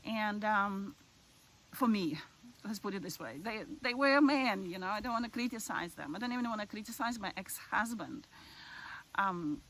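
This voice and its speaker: A woman's voice: medium pitch, lively intonation, moderate pace, fairly bright tone, rough recording. A woman with a voice, earnestly telling a personal story about her spiritual path, with restarts and small laughs. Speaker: spiritual video host.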